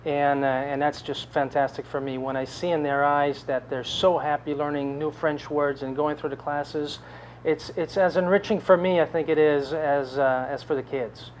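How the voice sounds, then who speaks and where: A man who volunteers as a French teacher, answering interview questions in a halting way, repeating words with many "uh"s. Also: fairly high pitch, flat delivery, slight background noise. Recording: dull lo-fi recording.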